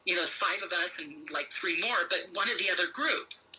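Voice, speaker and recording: A woman's voice: on the low side, normal speed, crowd noise, rough recording. A woman as an interview guest, telling a story animatedly and acting out both sides of a conversation.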